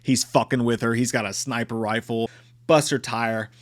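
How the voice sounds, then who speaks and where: A man's voice: mid-range voice, fairly even intonation, normal speed. A man giving a casual, profane and exclamatory movie review.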